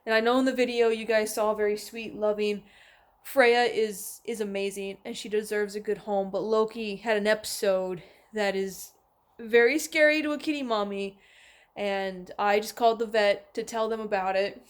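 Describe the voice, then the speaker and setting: A woman's voice: fairly high pitch, moderate pace. A young woman chatting casually to camera at home, talking to her cats between thoughts. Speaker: vlogger. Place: at home, indoors.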